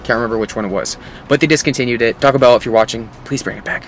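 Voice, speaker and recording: A man's voice: medium pitch, racing. A young man talking casually to his viewers in a food vlog, chatty and upbeat, calling them folks and guys. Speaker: food vlogger. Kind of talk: casual vlog talk to camera.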